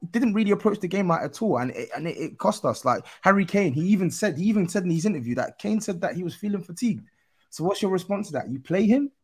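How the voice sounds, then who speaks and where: A man's voice: sits high, lively intonation, fast talker, darkish tone, breathy edge. A man, a football podcast panelist talking earnestly and working himself up into exasperated points. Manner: earnest, building to exasperated rants. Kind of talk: casual chat.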